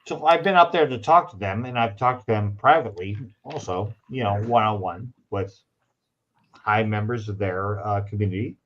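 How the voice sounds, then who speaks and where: Male podcast host, casual, animated storyteller, muffled lo-fi audio. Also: lowish voice, normal speed. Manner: animated storyteller, acts out quoted dialogue. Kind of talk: casual chat. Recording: dull lo-fi sound.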